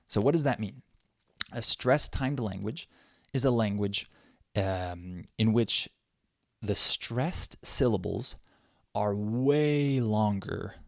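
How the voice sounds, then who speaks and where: A young man gives a podcast English lesson and works through example phrases slowly and carefully. His voice sits a little low and his pace is very unhurried. The sound is dry and close. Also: no echo. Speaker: English teacher.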